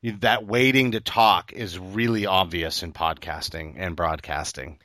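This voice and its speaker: A man's voice: low-pitched, fairly even intonation, unhurried, bright, forceful tone, no room sound, studio quality. A man interviewing a podcast host remotely, asking long winding questions in a reflective way. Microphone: remote call.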